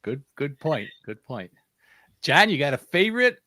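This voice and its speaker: A man hosting a casual panel chat, telling stories in an animated way. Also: on the high side, moderate pace, dry recording. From United States. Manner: animated storyteller who acts out quotes. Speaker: host.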